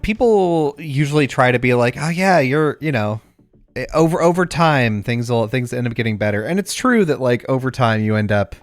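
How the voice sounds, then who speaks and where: A man's voice: mid-range voice, expressive, normal speed, dry recording. Young guy on a podcast, thoughtful, lots of ums, faint music behind. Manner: reflective, hesitant with fillers, swears. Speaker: podcast co-host. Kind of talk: casual chat.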